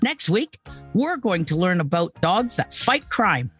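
A woman hosting a podcast, chatting with a guest and reading the show's outro in an upbeat, lively way. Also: on the low side, unhurried, faint music behind. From Canada. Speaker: podcast host.

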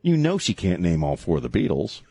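A man's voice: low voice, wildly swooping pitch, fairly quick, dark tone, slightly rough, dry recording. A middle-aged man with a Texan accent hosting a radio talk show, rambling and joking with a co-host. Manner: rambling, jokey, laughs often. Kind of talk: casual on-air banter. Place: radio studio.

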